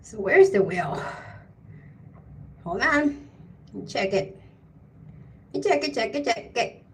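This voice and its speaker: A middle-aged woman hosts a casual live stream from home, talking in a high voice. She speaks at an easy, slow pace and thinks aloud. She greets her viewers by name. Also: big pitch swings, a little hiss or hum.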